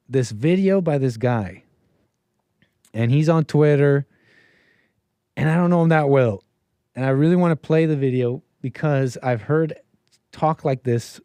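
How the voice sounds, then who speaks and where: A man's voice: a little high, warm tone, smooth, no echo. A man from the United States hosting a casual call-in livestream, rambling and restarting his sentences as he tells stories. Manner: rambling, with frequent restarts and asides. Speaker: livestream show host. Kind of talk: casual call-in show monologue.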